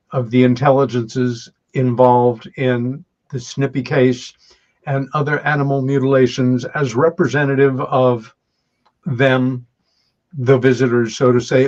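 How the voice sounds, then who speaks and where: Male host, mid-pitched, calm and reflective, muffled audio. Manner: measured, reflective. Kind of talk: interview questions.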